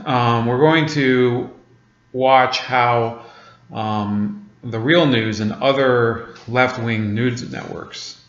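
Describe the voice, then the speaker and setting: A man's voice: mid-range voice, a bit bright. A man hosting a casual commentary on news clips, rambling and full of fillers and restarts. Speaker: commentary host. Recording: echoey room, dull lo-fi sound.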